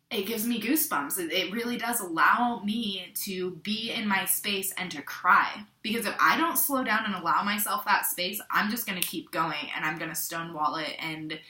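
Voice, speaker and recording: In a reverberant room, a young Pacific Northwest woman speaks at normal speed in a fairly low voice, reflecting casually to camera for her channel. Her talk is candid and rambling, with frequent restarts and quiet asides.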